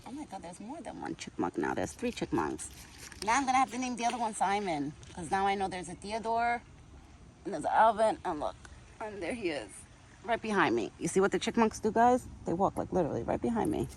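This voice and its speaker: A woman's voice: medium pitch, very animated, brisk. A woman talks casually outdoors, her voice rising and falling a lot as she coos at the animals she feeds. Italian was her first language, and she keeps up a chatty vlog with faint background noise. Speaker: vlogger feeding a wild deer. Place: outdoors in a yard.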